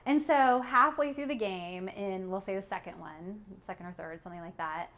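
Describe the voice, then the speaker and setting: A woman's voice: mid-range voice, normal speed, fairly bright tone. A woman co-hosting a parenting podcast, talking casually with many fillers and frequent laughs. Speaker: podcast co-host.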